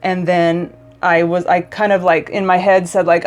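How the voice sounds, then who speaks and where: A woman's voice: fairly low pitch, flat delivery, moderate pace. A woman vlogger telling a personal story in a casual, emotional way, often stumbling and restarting mid-sentence.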